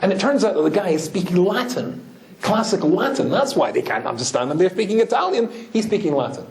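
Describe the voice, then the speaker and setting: A man's voice: high-pitched, big pitch swings, quick pace, a little mellow. A man with a British accent, a rabbi giving a humorous talk to an audience, telling stories and joking with the listeners. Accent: British English. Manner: joking, storytelling, chats with the audience. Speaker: rabbi and speaker. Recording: echoey hall.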